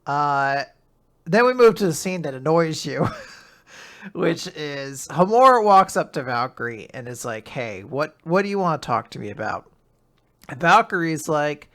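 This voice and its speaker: Bright, high-voiced young man recapping. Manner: animated retelling, acting out character lines in quick voices. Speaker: podcast co-host. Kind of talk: casual manga recap chat.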